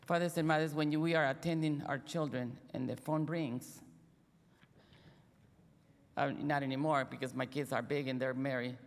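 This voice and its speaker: A middle-aged woman, a Sabbath school teacher, telling earnest stories to a congregation with halting restarts. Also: a bass voice, steady tone. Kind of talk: sermon-style storytelling. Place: church hall. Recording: long reverb in a church hall.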